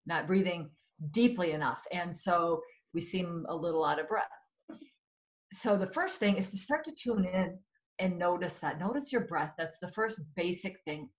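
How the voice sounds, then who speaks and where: A woman's voice: on the low side, low-quality recording. A woman speaking as an expert guest in a webinar conversation, earnest and explanatory, sometimes correcting herself mid-sentence.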